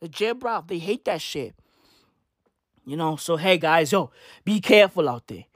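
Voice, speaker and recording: A woman's voice: lowish voice, expressive, normal speed, long pauses, dry recording, clean studio sound. A woman delivering a rambling, profane comic rant full of slang, breaking into mocking voices and laughter.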